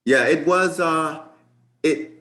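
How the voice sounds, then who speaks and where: A man speaking as a guest on a video-call interview, an animated storyteller with quick asides. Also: a little high. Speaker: guest, business owner.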